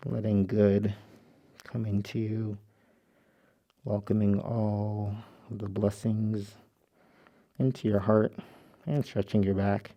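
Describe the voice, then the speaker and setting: A young man guiding a yoga session in a relaxed, playful way, with jokes between calm breathing cues. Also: fairly low pitch. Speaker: vlogger leading a yoga session. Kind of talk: guided yoga instruction, casual vlog chat.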